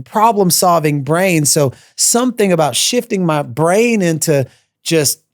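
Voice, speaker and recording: A man speaks as a podcast guest, telling his own story with animated repetition of key phrases. His voice has a gravelly, fry-edged texture. The sound is dry and close, with no room echo. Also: fairly high pitch. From United States. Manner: animated, repeats phrases for emphasis. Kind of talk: personal storytelling in a conversation.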